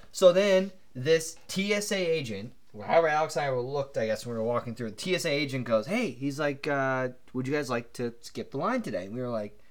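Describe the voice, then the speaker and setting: A man co-hosting a podcast, telling a long anecdote in an animated, rambling way full of fillers. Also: medium pitch. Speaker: podcast co-host. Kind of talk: casual storytelling chat.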